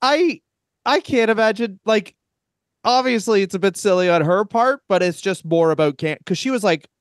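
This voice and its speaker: A man's voice: sits high, moderate pace, no room sound, clean studio sound. A middle-aged man, a comedian co-hosting a podcast, rambling and restarting his sentences in casual chat.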